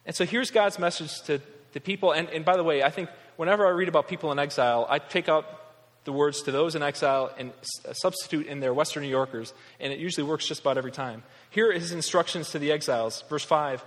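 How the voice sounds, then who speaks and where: A long reverb follows the words of a thirty-something Western New York pastor as he delivers a sermon in a big church hall. Pitched slightly high for a man, he talks fast and animatedly, earnest and conversational, with flashes of wry humor.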